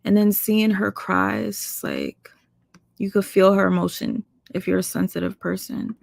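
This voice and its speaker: Gravelly woman reacting live. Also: mid-range voice, fairly even intonation, moderate pace, no echo, studio quality. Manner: reads viewer comments aloud, sympathetic asides.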